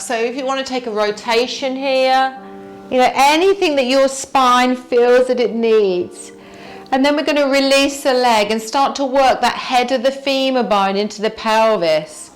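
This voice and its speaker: Woman, yoga teacher, unhurried guidance, slightly high voice, soft questions. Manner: slow, gentle, inviting questions to the listener. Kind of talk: guided yoga class instruction.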